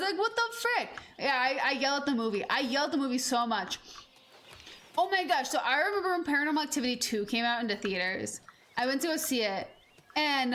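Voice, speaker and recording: A woman in her twenties streaming a game, chatting in a rambling, animated way with lots of fillers and casual swearing. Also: high-pitched, a little hiss or hum. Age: 20s. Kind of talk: casual gameplay chat.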